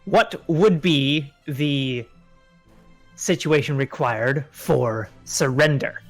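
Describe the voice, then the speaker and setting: A man playing in a tabletop game, asking polite, measured questions. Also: on the high side, soft background music. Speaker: player.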